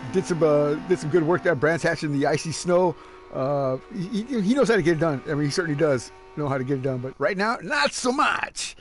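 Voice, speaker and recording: Excitable man commentating a sim race. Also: fairly high pitch. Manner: excitable, joking, laughs often. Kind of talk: casual sim racing commentary. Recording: noisy background.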